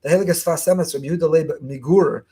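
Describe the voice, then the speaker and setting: A man giving a fast, emphatic Torah lesson as a rabbi, repeating key phrases. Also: fairly high pitch, dark tone, husky. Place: online class.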